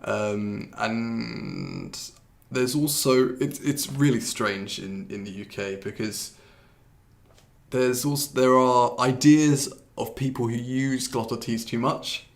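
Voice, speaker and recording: A man, teaching pronunciation in a relaxed, chatty live stream, often restarting his sentences and swearing mildly at his computer. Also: medium pitch, slow, vocal fry. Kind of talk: live-streamed lesson, answering viewer comments.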